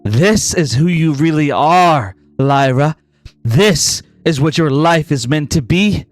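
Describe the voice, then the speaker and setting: A man's voice: fairly high pitch, animated, takes it slowly, no echo, faint music behind. A man voicing a scornful taunting witch.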